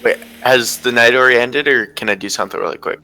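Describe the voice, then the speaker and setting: A man playing a tabletop game, excitable and joking with the group. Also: mid-range voice, fast, vocal fry, soft background music, poor audio. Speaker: player. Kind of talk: casual tabletop play.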